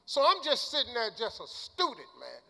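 An older man giving a motivational speech and telling stories, colloquial and emphatic, sometimes shouting. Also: very high-pitched, wildly swooping pitch, normal speed, gravelly, a little hiss or hum. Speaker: motivational speaker. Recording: long hall reverb.

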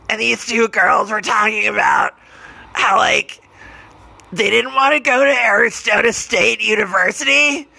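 A man's voice: high-pitched, gravelly, sharp tone, breathy edge, dry recording, heavily acted, rough recording. A man voicing an unemployed, broke male scorpion who rants in a rambling, sweary way.

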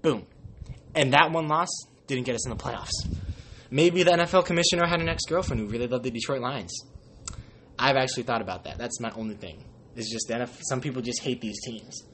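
A man's voice: mid-range voice, brisk, fairly bright tone, slight background noise. A young man hosting a casual sports podcast, joking and rambling, slipping into silly quoted voices. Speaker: podcast host.

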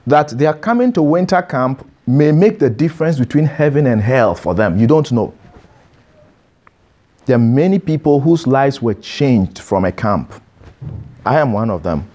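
A man's voice: mid-range voice, darkish tone. A man preaching a sermon to young listeners, emphatic and repetitive, putting questions straight to the crowd in front of him. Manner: emphatic, repeats phrases, questions the listeners directly. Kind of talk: sermon to a youth audience.

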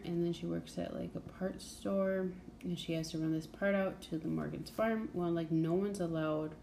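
A young woman talks through a book in a loose, chatty way, blunt and peppered with "like" and "um". Her voice is mellow and a touch low for a woman. A faint hiss of noise sits under her recording. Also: gravelly. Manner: chatty, blunt, many fillers and "like"s. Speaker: book podcast host. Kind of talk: casual book review chat.

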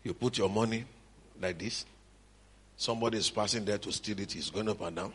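A middle-aged man with a Nigerian accent preaching a lively sermon at a church conference, shouting at times and slipping into Yoruba asides. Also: fairly low pitch, a little fast, slight background noise.

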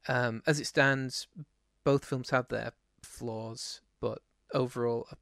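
Man, gravelly voice, rambling casual podcast chat, dry close sound. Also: medium pitch, fairly even intonation, slow pace, fairly bright tone, dry recording. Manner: rambling, self-deprecating, many fillers. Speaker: podcast co-host.

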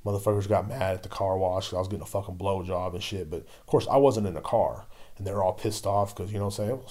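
A man's voice: low-pitched, fast talker, dark tone. Rambling, profane guy. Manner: rambling, profane, repeats "you know what I'm saying". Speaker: vlogger; liquor store worker. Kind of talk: casual rant.

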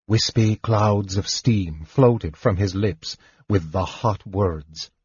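Husky man reading a fantasy audiobook. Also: fairly low pitch, slow, darkish tone, no room sound. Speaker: audiobook narrator. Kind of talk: scripted fantasy narration. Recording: dull dry recording.

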